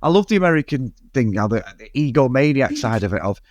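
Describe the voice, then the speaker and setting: Mancunian bloke ranting on a podcast, swears a lot, dry close sound. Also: male voice, medium pitch, very animated, fast, a little mellow, dry recording. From Manchester area, England. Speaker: podcast co-host. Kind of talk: casual chat.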